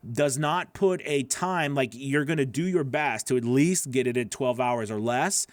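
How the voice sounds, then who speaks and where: A man's voice: medium pitch, normal speed, few pauses, no echo. A man coaching voice-over freelancers, critiquing their gig pages live in a casual, encouraging way, repeating himself with many fillers, from home.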